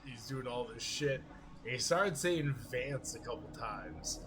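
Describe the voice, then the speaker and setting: A man's voice: medium pitch, lively intonation, unhurried, a crowd in the background. A man hosting a casual chat, rambling and swearing, often laughing and acting out what people said. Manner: rambling, profane, laughs a lot, acts out quotes. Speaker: podcast host.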